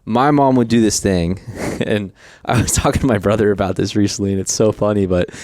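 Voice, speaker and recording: A man's voice: lowish voice, steady tone, a little fast, a little mellow, dry recording. A man co-hosting a podcast, telling childhood stories in casual chat and laughing as he acts out quotes. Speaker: podcast co-host.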